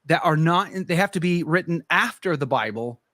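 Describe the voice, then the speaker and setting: A man's voice: a little high, expressive, normal speed, bright, forceful tone, no room sound, clean studio sound. A middle-aged man, a podcast guest, animatedly telling his conversion story in casual conversation and acting out his own past thoughts.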